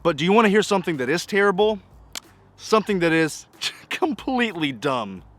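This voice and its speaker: A man's voice: high voice, very animated, fairly quick, a bit bright. A man giving a casual spoken movie review, exasperated and nitpicking, stacking up rhetorical questions. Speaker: film reviewer.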